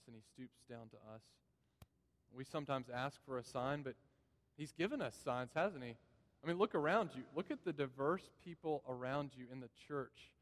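Guy preaching a sermon, kinda high voice, big church echo, keeps repeating stuff for emphasis. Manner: earnest, repeats phrases for emphasis. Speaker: pastor. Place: church sanctuary. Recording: long reverb of a church hall.

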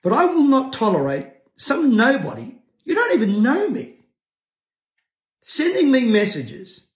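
A man, preaching to camera in a combative, forceful way, rising to shouts and breaking into jovial laughs. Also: very high voice, wildly swooping pitch, a little slow. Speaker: pastor. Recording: roomy echo.

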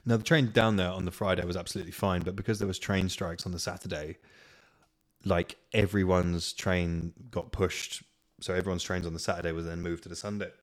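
A man's voice: sits low, little pitch movement, fairly quick. A young man hosting a casual solo podcast, chatty and rambling, swearing freely. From Kent, England. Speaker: podcast host. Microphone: podcast microphone.

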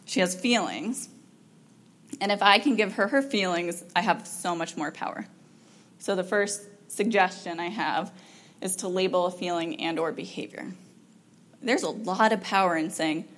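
A woman counselor giving an informal talk to parents, chatty and animated, with frequent ums and laughs, acting out what parents and children say. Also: lowish voice, moderate pace. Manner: animated, acts out quoted parent and child lines.

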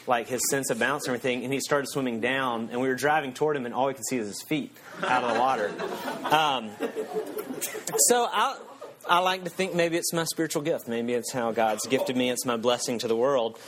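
Pastor preaching with humor. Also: male voice, mid-range voice, a little fast, noisy background. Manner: storytelling, self-mocking, chuckles often. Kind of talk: sermon. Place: church.

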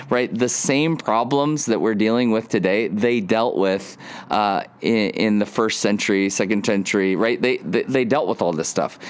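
Chatty excitable man in his forties. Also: lowish voice, smooth. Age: 40s. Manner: chatty and excitable, many restarts. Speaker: podcast host. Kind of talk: casual devotional podcast talk. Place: front porch outdoors.

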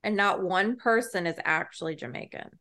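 Woman co-host, emphatic and chatty, plain middle pitch. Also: moderate pace, pushed and bright. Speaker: podcast co-host. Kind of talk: casual chat.

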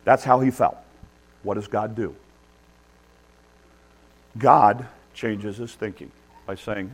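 A man's voice: lowish voice, fairly even intonation, slow, long pauses, breathy edge. A man preaching a sermon in an earnest, conversational way, building emphasis as he makes his points. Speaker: pastor. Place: church.

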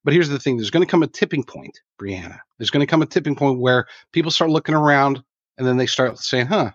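A man joins remotely as a guest commentator, pressing his opinions emphatically at an average pitch. His voice sounds dull and lo-fi. The call audio is dry, with no room sound. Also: quick pace, no room sound. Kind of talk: remote interview.

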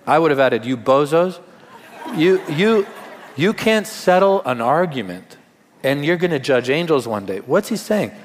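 A man's voice: a little high, big pitch swings, normal speed, long reverb tail, some chatter behind. A male pastor giving a sermon in a conversational way, with rhetorical questions and humor.

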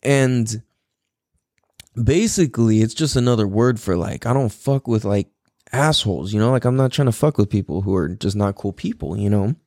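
A man hosting a podcast, telling a personal story in a rambling, profane way and acting out quotes with sudden high pitch jumps. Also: animated, moderate pace, warm tone, no echo, studio quality. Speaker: podcast host. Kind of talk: casual storytelling monologue.

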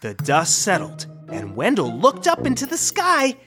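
A woman narrating a children's storybook in an expressive, animated read-aloud manner. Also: mid-range voice, measured pace, music in the background.

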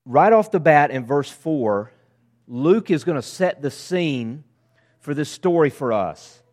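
Lively pastor preaching. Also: male voice, on the high side, slow. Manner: animated, acts out crowd and disciples in casual asides. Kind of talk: sermon.

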